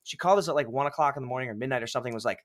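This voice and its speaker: A man's voice: medium pitch, racing. A man in his thirties, a guest filmmaker, telling casual stories with lots of swearing and laughter. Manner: animated, profane, laughing storyteller. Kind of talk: casual podcast storytelling.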